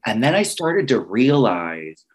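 A man's voice: medium pitch, big pitch swings, a little slow, slightly rough. A man casually telling a personal story, acting out quoted dialogue with lots of restarts and fillers.

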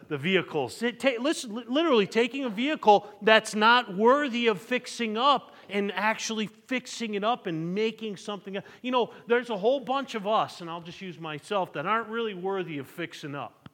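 A man's voice: high-pitched, a bit bright. A male pastor preaching a sermon, asking the congregation questions and repeating his words. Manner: preaching with rising fervor and call-and-response questions; repeats words, stammering restarts. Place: church sanctuary. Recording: long church reverb.

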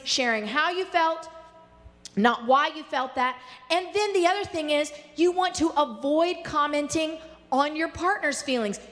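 A woman giving a faith-based teaching talk on relationships, animated, acting out angry inner voices and slowing down to stress key points. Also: high voice. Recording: long hall reverb.

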